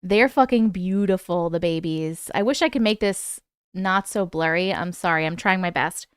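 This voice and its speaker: A young woman hosting a casual live-stream chat, excited and chatty, swearing now and then. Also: fairly low pitch, moderate pace, clean tone, no echo, clean studio sound. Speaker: host.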